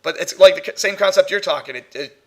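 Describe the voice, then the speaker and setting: Higher-voiced male host, chatty storyteller who laughs a lot. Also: quick pace. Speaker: podcast host, paranormal investigator. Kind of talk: casual podcast chat.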